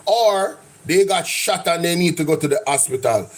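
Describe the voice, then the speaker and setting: A man's voice: on the high side, expressive, normal speed. A Jamaican man hosting a live stream, reacting to politics with an impassioned, repetitive rant. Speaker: political commentary host.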